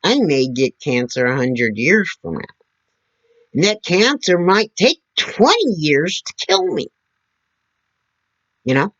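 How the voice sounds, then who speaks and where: A woman talking slowly and earnestly to her camera, demonstrating as she explains, sitting several feet back from her computer mic. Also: low-pitched, very animated, highs cut off. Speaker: vlogger. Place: indoor room at a computer. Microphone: computer mic several feet away.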